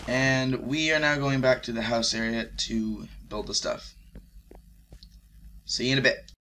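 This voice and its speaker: A young man commentating his Minecraft let's-play, excitable and swearing loudly whenever he is in danger. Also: mid-range voice, measured pace, slight background noise. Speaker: gaming YouTuber.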